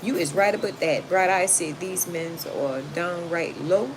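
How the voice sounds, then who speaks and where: A woman's voice: on the low side, unhurried. A woman, hosting a casual livestream, reading chat comments aloud and giving blunt, sassy advice. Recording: noisy home recording.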